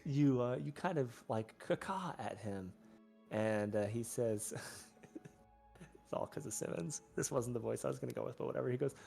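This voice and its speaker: Male dungeon master, gravel in the voice, jokey and self-deprecating. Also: medium pitch, normal speed, warm tone, soft background music. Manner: laughing, self-mocking asides. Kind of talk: running a tabletop game.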